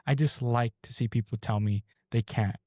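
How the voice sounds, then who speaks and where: A man's voice: medium pitch, moderate pace, darkish tone, dry recording, studio quality. A man in his twenties hosting a podcast, delivering a blunt, straightforward motivational monologue into a camera mic. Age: 20s. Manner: blunt, straightforward, pep-talking. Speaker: podcast host.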